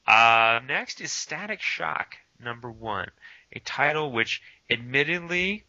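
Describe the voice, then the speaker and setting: A man's voice: medium pitch, animated, slow, pushed and bright, dry recording. A man co-hosting a casual chat, hesitant and full of fillers but enthusiastic. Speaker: podcast co-host. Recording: dull lo-fi sound.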